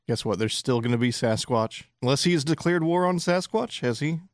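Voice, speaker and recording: A man's voice: medium pitch, animated, a little fast, no echo, studio quality. Playful laughing podcast man. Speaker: podcast co-host. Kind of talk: casual chat.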